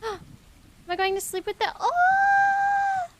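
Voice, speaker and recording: A woman streamer giving excited gameplay commentary, giggling and squealing as she gushes over how cute everything is. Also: very high-pitched, fairly quick, very noisy. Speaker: video game streamer.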